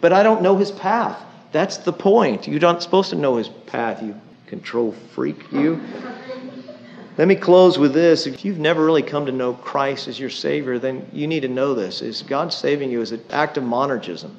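A man's voice: mid-range voice, lively intonation, normal speed, gravelly, slight background noise. A middle-aged man preaching a sermon in a conversational way, with dry humor and frequent asides. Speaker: pastor. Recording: dull lo-fi sound.

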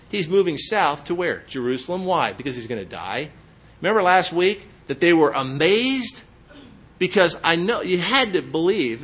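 A man's voice: fairly high pitch, fairly bright tone. A middle-aged man preaching a sermon in a church, emphatic and quizzing his listeners with questions. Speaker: pastor.

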